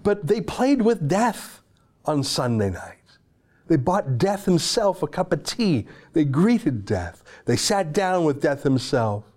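A male commentary host gives a heated opinion monologue. He is sarcastic and emphatic, and his slightly high voice rises and falls dramatically. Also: big pitch swings, slow, a little mellow.

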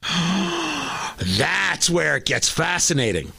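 A man hosting an opinion commentary show, ranting in a sarcastic, animated way. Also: on the high side, extremely slow, vocal fry, breathy edge, dry recording. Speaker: host.

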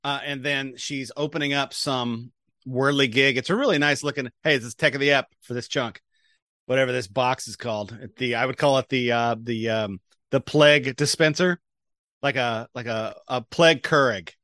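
A man's voice: medium pitch, moderate pace, sharp tone, dry recording, studio quality. A man co-hosting a podcast, recapping a movie in casual, jokey chat with many fillers. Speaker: podcast co-host.

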